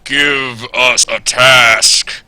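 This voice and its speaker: A man voicing a glowing, steel-armored champion construct, speaking in a flat, deadpan robotic way. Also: mid-range voice, drawn-out words, clean tone, dry recording, pitched above the performer's own voice, full character voice.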